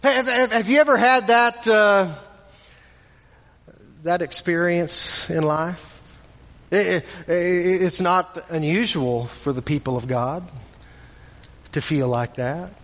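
A man preaching a sermon, halting and repeating words as he makes emphatic points. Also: high-pitched, a bit bright, big-room sound.

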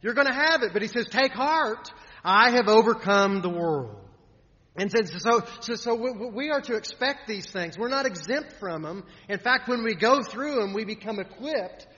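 A man preaching a sermon in an earnest way, often repeating words and trailing off softly at the ends of lines. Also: high-pitched, animated, normal speed. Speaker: pastor. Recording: dull sound in a reverberant hall.

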